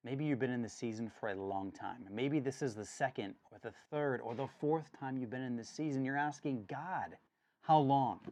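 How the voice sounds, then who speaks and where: A man's voice: mid-range voice, moderate pace, hardly any pauses, a little mellow. A man leading a church study, giving an earnest devotional talk and growing more intense as he reads scripture. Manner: earnest, rising intensity when reading.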